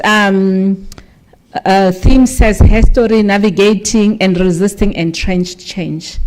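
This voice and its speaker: A woman's voice: medium pitch, darkish tone. A woman acting as master of ceremonies at a university event. She talks off the cuff and in a chatty way, checking with the planning team aloud while speaking into a podium microphone in a function hall. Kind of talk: informal hosting of a formal ceremony.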